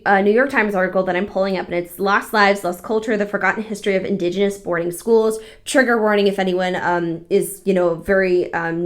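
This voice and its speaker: A young adult woman hosting a casual reaction vlog, reading viewer stories aloud in an earnest, emotional way, swearing freely and using lots of fillers. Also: medium pitch. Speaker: host.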